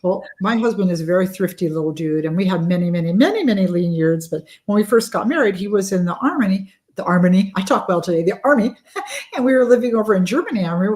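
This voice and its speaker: A middle-aged woman hosting a casual chat, chatty and quick to laugh. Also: on the low side, very animated, a little mellow. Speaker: host.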